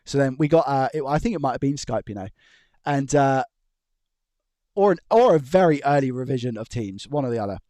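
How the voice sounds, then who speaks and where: A man's voice: medium pitch, expressive, a little fast, a little mellow, no echo, clean studio sound. A man chatting casually on a live stream from his room, rambling and chuckling as he tells stories and restarts his sentences. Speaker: electronics repair live streamer. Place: his own room at home.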